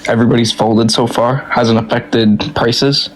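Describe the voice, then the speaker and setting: A man answering as a livestream guest in calm, brief, plain statements. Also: mid-range voice, a little slow. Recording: noisy call line with clicks.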